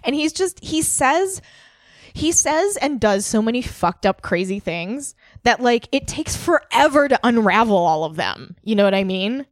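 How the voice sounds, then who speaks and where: With a fairly high pitch and an unhurried pace, a female podcast co-host chats casually, animatedly telling stories full of laughter and offhand swearing. The recording is dry and studio quality.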